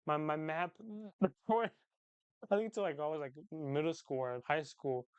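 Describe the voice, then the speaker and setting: A young man talks to his viewers in an easygoing, slangy ramble, often saying the same thing twice. His voice sits a little high and comes across clean and smooth. The sound is dry, with no room echo. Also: a little slow, highs cut off. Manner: rambling, repeats phrases, relaxed slangy talk. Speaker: livestream host chatting with viewers. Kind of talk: casual chat.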